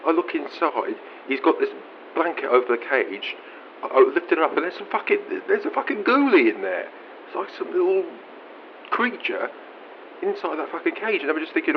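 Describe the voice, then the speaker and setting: A man's voice: on the high side, big pitch swings, brisk, slight background noise. A young Australian man calling in, telling a comic story in a rambling, incredulous, swear-heavy way. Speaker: radio caller. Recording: dull lo-fi audio.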